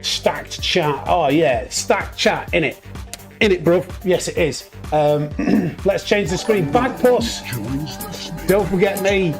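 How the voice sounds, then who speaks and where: A man streaming sim racing, casually greeting viewers by name in quick bursts and joking about himself. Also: sits high, faint music behind. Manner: upbeat, greets chat names in quick bursts, self-mocking. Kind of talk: casual live-stream chat.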